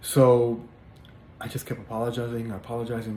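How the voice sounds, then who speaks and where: A man sharing a personal religious testimony in casual spoken storytelling, earnest and halting, with many fillers and repeated words. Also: fairly low pitch, flat delivery, darkish tone. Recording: echoey room with faint background noise.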